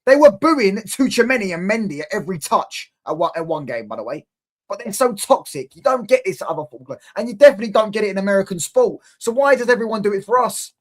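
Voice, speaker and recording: A man's voice: sits high, animated, fast talker. A man hosting a football reaction stream, ranting in exasperated casual chat and asking rhetorical questions.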